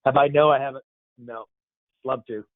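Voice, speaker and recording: A man's voice: medium pitch, steady tone, normal speed, dry recording. A man hosting a casual Q&A call, playful and rambling, joking with callers. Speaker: host. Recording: tinny phone-like line, dry.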